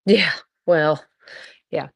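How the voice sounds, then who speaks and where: A woman's voice: sits low, extremely slow, gravelly. A middle-aged woman hosting a live selling stream, chatting casually with viewers and rambling through personal anecdotes. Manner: rambling anecdotes, restarts and fillers, talks to viewers. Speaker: live-stream seller host.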